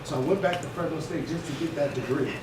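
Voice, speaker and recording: A middle-aged man from Oakland giving a motivational talk to students, an animated storyteller who acts out his own dialogue and laughs often. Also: on the high side, fast talker. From Oakland, California. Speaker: motivational speaker. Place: school hall or classroom. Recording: echoey room, speaker far from camera, noisy.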